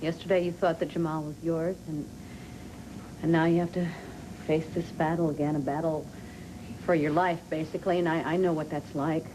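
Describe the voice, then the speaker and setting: An actress as a gentle, reassuring friend. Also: female voice, deep voice, little pitch movement, moderate pace, background noise, natural voice. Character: supportive woman friend. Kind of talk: 1990s daytime soap acting.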